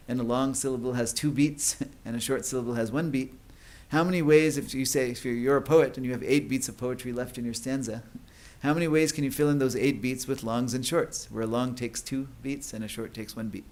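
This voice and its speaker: A man's voice: medium pitch, a little mellow. A man giving an academic lecture at a conference. He explains at length, with many fillers and restarts. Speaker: conference speaker.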